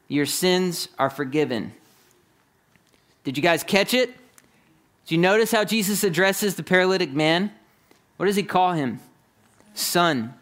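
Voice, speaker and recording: A man's voice: on the high side, fairly bright tone. A man preaching a sermon, explaining scripture earnestly and speaking directly to his congregation. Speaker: pastor.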